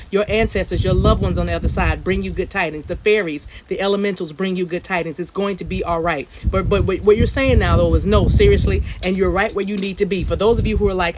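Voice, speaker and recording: A woman's voice: on the low side, background noise. A woman hosting a livestreamed spiritual reading from her outdoor deck. She chats casually, repeats her phrases and drops into chanted light language. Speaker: spiritual reader.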